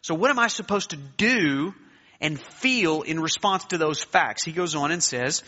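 A male pastor preaching a sermon, emphatic, with dramatic pauses, urging the congregation to answer aloud. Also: a little high, animated, pushed and bright. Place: church sanctuary. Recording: echoey hall, dull lo-fi sound.

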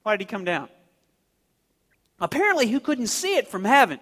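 A man's voice: high-pitched, big pitch swings, normal speed, pauses often, bright, forceful tone, breathy edge, long reverb tail. A male pastor preaching a sermon, repeating key phrases and asking rhetorical questions.

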